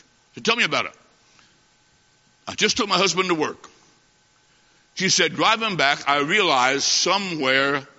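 A man with a sharp, mid-range voice preaches a revival sermon, telling a story before calling on his congregation with emphatic, repeating phrases. The audio is dull, with long hall reverb.

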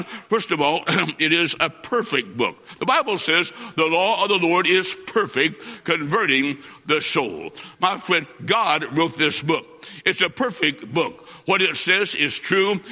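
A man preaching an evangelistic sermon, telling stories in a folksy, emphatic way, pushing and slowing his words for stress. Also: on the high side, sharp tone. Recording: dull echoey hall recording.

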